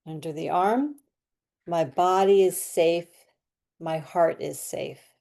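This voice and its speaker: A woman guiding an EFT tapping session, slowly speaking affirmations in a soothing way for listeners to repeat. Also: on the low side, creaky, dark tone. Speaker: tapping and meditation guide.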